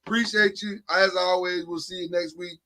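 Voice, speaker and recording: A man's voice: high-pitched, steady tone, normal speed, pushed and bright, slight background noise. A man hosting a casual sports podcast, talking emphatically and laughing often. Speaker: podcast host.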